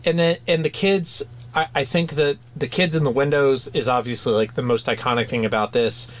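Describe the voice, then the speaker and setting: A man in casual chat as a podcast co-host, his voice sitting in an ordinary middle pitch. He talks conversationally, stopping and restarting his sentences often, with plenty of fillers. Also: fairly even intonation, fairly quick.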